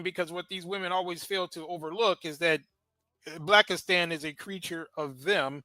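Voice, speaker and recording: A man's voice: fairly high pitch, sharp tone, no room sound. A man hosting a podcast in casual commentary, talking loosely with fillers and frequent laughs. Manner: conversational, laughs often, many fillers. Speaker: podcast host.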